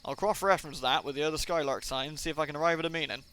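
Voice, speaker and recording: A man voicing a gruff, sly old male vagabond in a video game, with a put-on accent and a grumbling manner. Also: a little high, rapid-fire, bright, forceful tone. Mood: explaining.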